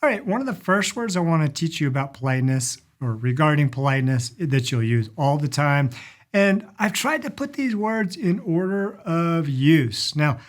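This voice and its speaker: A middle-aged man giving a casual lesson on polite phrases, repeating each word slowly for learners. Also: on the high side, big pitch swings. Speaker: language and culture teacher. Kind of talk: casual instructional talk.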